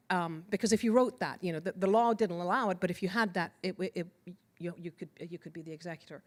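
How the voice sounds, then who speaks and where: A middle-aged woman from Iran giving an earnest, personal storytelling talk at a symposium, often pausing and restarting her sentences. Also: fairly low pitch. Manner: earnest, halting with restarts and fillers. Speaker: symposium speaker.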